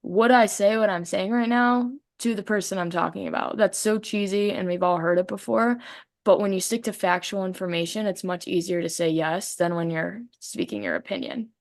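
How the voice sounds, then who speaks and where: Lively young woman acting out quotes. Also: mid-range voice, normal speed, creaky. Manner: animated storyteller, acts out quoted voices. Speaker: co-host, softball player. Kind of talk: casual podcast chat.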